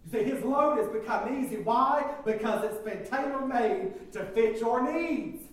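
High-voiced preacher man. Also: unhurried, a little hiss or hum, poor audio. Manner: preaching with rising emphasis and repetition. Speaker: pastor. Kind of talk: sermon.

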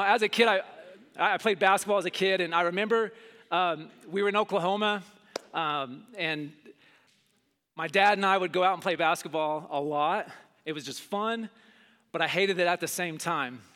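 A middle-aged man preaching a sermon, telling stories and acting out scenes with big jumps in his voice. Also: moderate pace. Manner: animated, acts out scenes with big pitch jumps. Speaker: pastor. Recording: long hall reverb.

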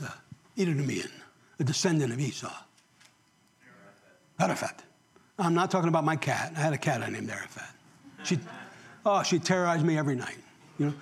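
A man's voice: fairly high pitch, husky. A male pastor giving a conversational sermon in church, often asking the congregation questions and joking.

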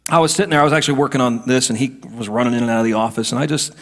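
A middle-aged male pastor preaching a sermon, moving between hushed asides and emphatic declarations. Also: mid-range voice, racing.

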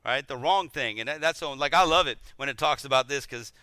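A middle-aged man teaching a conversational sermon, animated and self-deprecating, often repeating words as he goes. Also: mid-range voice, fairly quick, clean tone, no room sound.

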